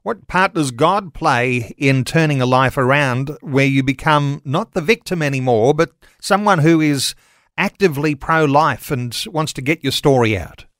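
A man interviewing a guest for a faith program, asking his questions in a measured, gentle way. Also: fairly high pitch, dry recording, clean studio sound.

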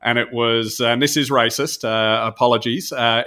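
A man's voice: medium pitch, steady tone, normal speed, hardly any pauses, bright, forceful tone. A man with an Australian accent, a podcast co-host chatting in a dry, matter-of-fact way. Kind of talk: casual chat.

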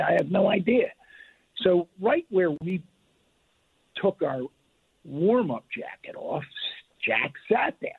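Gravelly older man on a phone line. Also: fairly high pitch. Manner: animated, restarts and repeats words. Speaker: guest, retired referee. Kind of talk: phone interview storytelling.

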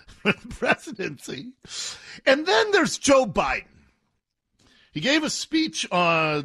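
A man's voice: a little high, vocal fry, a bit bright, husky, no room sound, studio quality. A man hosting a talk radio show, delivering an opinionated, mocking monologue and laughing often.

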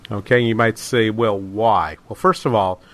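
A man's voice: mid-range voice, animated, fairly quick, fairly bright tone. A middle-aged man hosting a talk radio show, speaking casually with many fillers, restarts and false starts.

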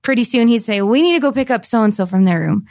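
A young woman telling a story in an interview, lively and animated, acting out the voices of the people she quotes. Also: fairly high pitch, fast. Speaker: pianist and volunteer.

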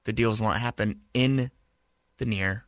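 A man's voice: on the low side, steady tone, measured pace, no echo. A man co-hosting a casual sports podcast in a radio studio, chatty and explaining things at length. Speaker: podcast co-host.

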